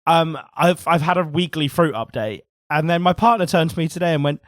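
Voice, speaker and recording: A man's voice: on the high side, a little fast, dry recording, clean studio sound. A British man in his thirties co-hosting a comic book podcast, telling jokey stories in casual chat. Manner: animated, jokey storytelling. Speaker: podcast co-host.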